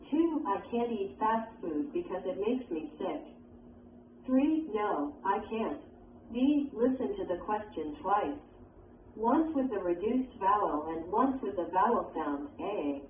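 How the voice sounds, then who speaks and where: A woman reading an English textbook lesson aloud in a measured, instructional way. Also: mid-range voice. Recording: tinny phone-like sound, distant, roomy, faint hiss.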